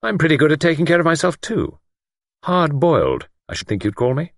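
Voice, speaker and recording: A man reading an audiobook, voicing a sharp, impatient young woman in a raised, brisk voice. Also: on the high side, very animated, dry recording, studio quality, voice pushed up. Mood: wry. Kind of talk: audiobook character voice.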